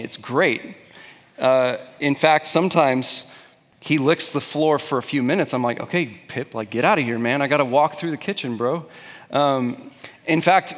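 Standing before his congregation in a church sanctuary, a young man who serves as pastor delivers an emphatic, conversational sermon full of questions to the listeners. His voice is a little high and a bit bright, and the space sounds large.

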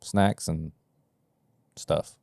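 A man's voice: extremely slow, warm tone, dry recording, studio quality. A man co-hosting a casual podcast, bantering playfully with jokes. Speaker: podcast co-host. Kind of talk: casual chat.

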